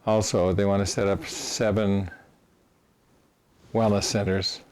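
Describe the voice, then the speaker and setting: A man teaching his own method, telling animated anecdotes with frequent restarts. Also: lowish voice, takes it slowly, a little hiss or hum. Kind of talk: storytelling lecture.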